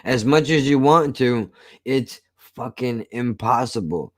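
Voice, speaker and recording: A man hosting a casual chat, talking in a blunt, profane and cynical way, his voice rough from years of smoking. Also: medium pitch, takes it slowly, dry recording. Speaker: host.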